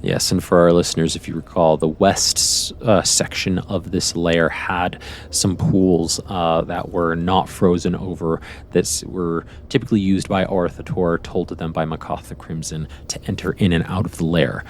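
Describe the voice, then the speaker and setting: A man narrating a tabletop game as game master, rambling in a relaxed way. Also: low-pitched, normal speed, a little hiss or hum.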